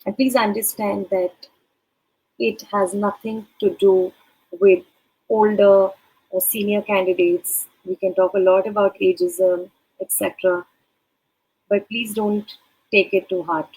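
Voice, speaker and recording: Husky woman giving career advice. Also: mid-range voice, steady tone, a little mellow, low-quality recording. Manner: measured, advising, addresses listener directly. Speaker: career advisor. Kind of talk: advice talk.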